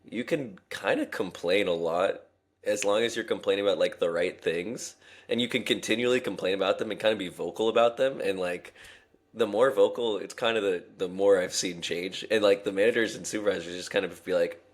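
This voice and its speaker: A man's voice: lowish voice, brisk. A young man co-hosting a podcast, telling a work story in a rambling casual way with lots of fillers and restarts. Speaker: podcast co-host. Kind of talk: casual chat.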